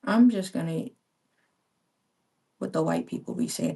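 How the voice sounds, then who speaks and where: A woman's voice: low-pitched, level tone, unhurried, creaky, mellow, breathy edge, distant mic. A woman in her thirties chatting casually with viewers while she crafts at home, rambling with slangy asides. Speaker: crafting vlogger. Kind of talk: casual live-stream chat while crafting. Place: home, by a window. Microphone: small handheld pink microphone.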